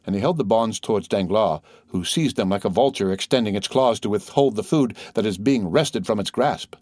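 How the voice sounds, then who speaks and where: A man narrating an audiobook in a measured, even reading style. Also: lowish voice, no echo, studio quality. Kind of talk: scripted narration.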